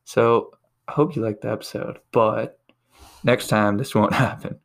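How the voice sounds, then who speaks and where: A man's voice: on the low side, fairly even intonation, a little slow, vocal fry. A man hosting a casual show, telling a joke in a rambling way and chuckling as he goes.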